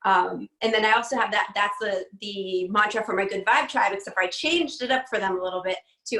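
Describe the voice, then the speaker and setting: A woman's voice: medium pitch, brisk, few pauses, fairly bright tone. A woman in her forties, a guest on a video call interview, talking in an upbeat, chatty way and laughing often. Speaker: guest, speech pathologist. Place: home room. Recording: roomy home video call audio.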